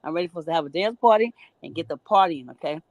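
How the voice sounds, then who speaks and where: Woman cohost, super animated pitch, dry close sound, gushing over a video call. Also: quick pace, no room sound, dull audio. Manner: effusive, enthusiastic. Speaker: co-host. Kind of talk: casual chat.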